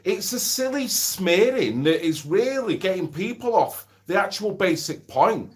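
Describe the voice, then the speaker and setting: A man's voice: sits high, sing-song, unhurried. A middle-aged man streaming from home, chatting bluntly, swearing freely and reading out viewer comments. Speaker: livestream host. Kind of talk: casual livestream chat.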